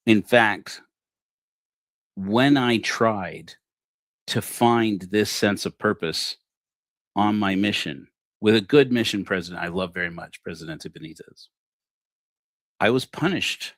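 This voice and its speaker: A man in his forties with a fairly low voice tells a story from his own life, jumping up in pitch when he acts out what people said. The sound is close and dry, with no room around it. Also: slow, pauses often, no room sound. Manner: animated, acts out dialogue. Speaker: livestream host. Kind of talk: personal storytelling.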